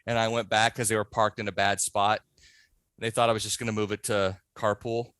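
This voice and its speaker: A man in a casual podcast interview, telling a backstage prank story with animated delivery and acting out the other people's voices. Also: on the low side, a little fast, clean tone, no echo. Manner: animated, acts out voices in his stories. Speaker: podcast guest, haunt scare actor.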